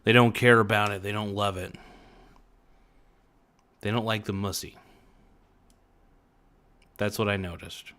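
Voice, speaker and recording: A man's voice: fairly low pitch, steady tone, unhurried, pauses often, pushed and bright, smooth. Laid-back guy chatting to his stream. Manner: laid-back, chatty, talks to viewers in chat, frequent "man" and "dude". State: sore voice. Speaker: livestream host. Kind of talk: casual rambling livestream chat.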